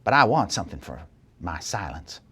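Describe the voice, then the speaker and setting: A man's voice: low voice, sing-song, fairly quick, pushed and bright, slightly rough, voice pushed down, full character voice. A man voicing a bossy, ambitious woman who blackmails a henchman for her silence. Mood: demanding. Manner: bossy, demanding.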